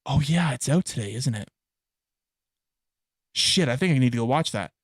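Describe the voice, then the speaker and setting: A man's voice: mid-range voice, animated, moderate pace, breathy edge, no room sound, clean studio sound. A young adult man chatting casually on a live stream, rambling and swearing, often breaking into laughter. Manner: rambling, profane, laughs a lot.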